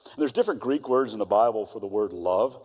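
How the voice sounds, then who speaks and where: A middle-aged man preaching a sermon as pastor, moving between fervent exhortation and quiet storytelling. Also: lowish voice, expressive, fast. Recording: long hall reverb.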